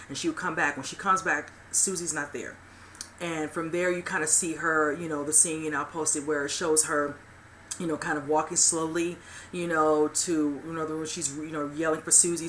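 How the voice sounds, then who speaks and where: Sitting low in pitch with a fairly bright, steady tone, the woman moves briskly through a loose TV episode recap. As the channel's host, she fills her retelling with "you know" and "whichever," and a slight hiss or hum runs underneath.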